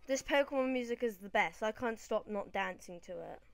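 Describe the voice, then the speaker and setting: A woman's voice: on the high side, lively intonation, normal speed, no room sound. A British woman rambling casually through gameplay commentary, often correcting herself mid-sentence. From Britain. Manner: chatty, rambling, self-correcting. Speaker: gaming channel host.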